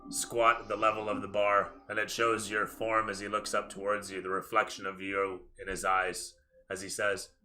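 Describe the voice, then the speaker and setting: A man's voice: on the low side, completely flat delivery, normal speed, hardly any pauses, pushed and bright. A man narrating a tabletop role-playing game as dungeon master, describing scenes cinematically to his players.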